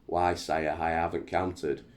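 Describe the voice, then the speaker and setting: A man's voice: low voice, flat delivery, takes it slowly, noisy background. A man reading as a dry, polite court doctor. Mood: deferential.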